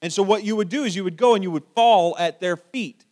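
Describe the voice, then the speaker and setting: Preaching a little fast, a pastor with a strikingly high voice sounds middle-aged and fatherly. His delivery is easygoing and conversational, with frequent stumbles and repeated words while he works out what to say.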